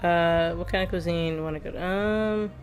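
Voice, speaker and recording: Rambling woman streamer with a lowish voice. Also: steady tone, moderate pace. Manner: rambling, laughs often, chatty. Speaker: let's play streamer. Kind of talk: casual gameplay commentary.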